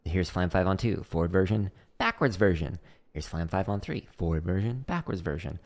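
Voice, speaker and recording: Gravelly low-voiced man, lively chatter. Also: normal speed. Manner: chatty, self-deprecating, explains step by step. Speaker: drumming livestream host. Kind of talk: casual livestream chat while practicing.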